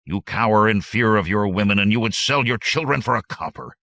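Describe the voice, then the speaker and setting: A man voicing a hard, contemptuous army captain who speaks low and forcefully. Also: a little fast, dry recording. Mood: sneering. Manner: growling, contemptuous. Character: hard veteran captain, middle-aged, stern and forceful.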